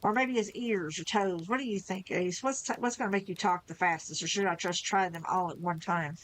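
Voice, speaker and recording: A woman's voice: lowish voice, fairly quick, close to an everyday voice, rough recording. A woman reading aloud, voicing a grown male wizard with a dry, sarcastic delivery.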